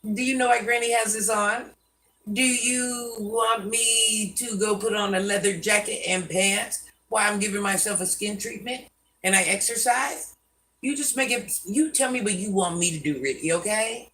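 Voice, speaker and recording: A woman's voice: medium pitch, normal speed, fairly bright tone, distant mic, low-quality recording. An older woman hosting a live stream, scolding commenters by name and chatting with viewers. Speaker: livestream host.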